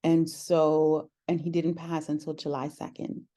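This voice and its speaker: A woman with a low, mellow voice tells a personal story in an unhurried conversation. She is earnest and reflective, pausing often with soft "um"s as she gathers her thoughts. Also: little pitch movement. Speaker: podcast host sharing her story as guest.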